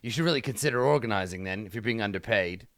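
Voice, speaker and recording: A man voicing a gruff union-minded thug. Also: lowish voice, expressive, fast talker, a bit bright, no room sound, studio quality. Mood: lecturing. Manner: blunt, touchy, lecturing about labor. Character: gruff male thug, pro-union, ungrammatical. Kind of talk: tabletop game character voice.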